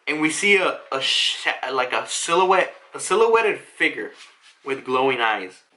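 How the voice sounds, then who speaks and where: A man's voice: medium pitch, big pitch swings, unhurried, sharp tone. A young man casually recapping a manga chapter, rambling with lots of filler words and swearing freely. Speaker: manga reviewer.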